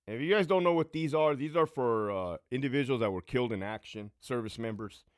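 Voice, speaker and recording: A man's voice: medium pitch, brisk, no room sound, clean studio sound. A man in his late thirties from Southern California, telling rambling, profane stories from his own life in a casual way. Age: late 30s. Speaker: channel host and ex-prison guard.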